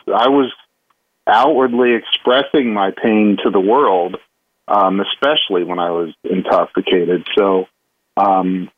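A man telling a candid personal story as a guest, halting with many restarts and fillers. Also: medium pitch. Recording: tinny phone line.

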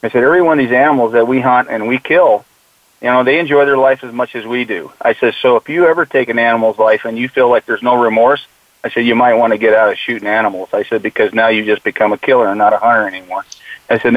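A man's voice: mid-range voice, no room sound. A man who mentors young hunters tells stories in an earnest, conversational way and often quotes what he tells the kids. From United States. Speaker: mule deer conservationist and youth hunting mentor. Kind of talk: casual conversational interview. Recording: tinny phone-like dry sound.

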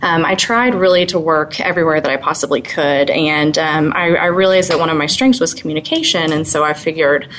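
A woman's voice: low-pitched, a little fast, few pauses, a bit bright, a little hiss or hum, rough recording. A woman in her twenties telling her story as an interview guest, chatty with frequent little laughs and fillers.

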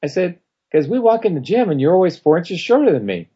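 A man's voice: sits high, sing-song, brisk, mellow, breathy edge. A man in casual conversation, telling wry anecdotes and acting out the people he quotes. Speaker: co-host. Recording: dull lo-fi sound.

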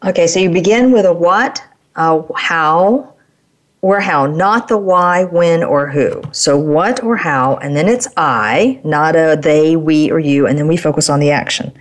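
A woman's voice: deep voice, a little slow. A woman hosting an interview, affirming and summing up her guest's points. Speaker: interview host.

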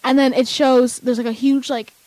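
Excitable young woman rambling fast. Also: high-pitched, no echo, poor audio. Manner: excitable and rambling, full of fillers. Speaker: vlogger. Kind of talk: casual chat.

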